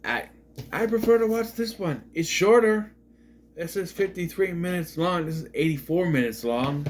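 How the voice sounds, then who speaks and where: A man's voice: high voice, normal speed. Rambling sarcastic male movie reviewer. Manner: rambling, sarcastic, repeats himself. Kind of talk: casual review monologue.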